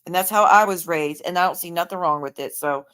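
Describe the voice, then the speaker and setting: A woman's voice: fairly low pitch, fairly quick, fairly bright tone, clear, resonant tone. A woman chatting casually on her livestream, blunt, profane and openly sarcastic.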